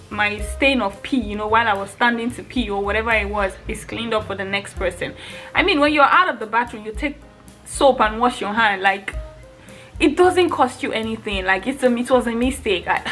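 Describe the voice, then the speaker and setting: A young woman rants to her viewers in a casual vlog, exasperated and animated, often laughing as she talks. Her voice sits a little high. Faint music plays underneath. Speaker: vlogger.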